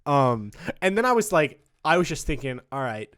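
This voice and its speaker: A young man co-hosting a podcast in casual, joking chat, swinging from loud outbursts to low mumbles. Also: very animated, moderate pace, no room sound, studio quality. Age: young adult. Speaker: podcast co-host.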